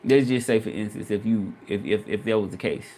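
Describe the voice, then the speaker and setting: Fairly quick and a little mellow, a lowish male voice carries a Southern accent as this Memphis, Tennessee vlogger chats casually on a livestream. He also freelances as a Spanish interpreter and repeats his questions to viewers.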